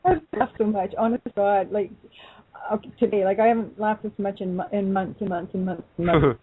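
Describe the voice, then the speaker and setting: A woman's voice: mid-range voice, fairly even intonation, fairly quick, slightly rough, no echo. A woman calling in to a talk show, chatty and laughing easily. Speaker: caller. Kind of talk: casual call-in chat. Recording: dry tinny phone line.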